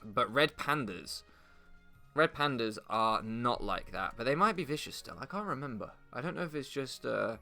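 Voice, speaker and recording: British lets-play guy, young, crude sarcastic rambling, sharp bright tone, lively pitch, game music behind. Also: moderate pace. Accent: British English. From England. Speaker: gaming commentator. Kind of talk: rambling commentary over gameplay.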